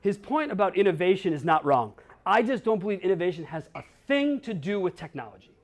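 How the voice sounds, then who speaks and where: Very animated and fast, a high-voiced man from Wisconsin delivers a keynote talk in a conference hall. He's a blunt conference speaker who jokes with the audience and throws in the occasional swear.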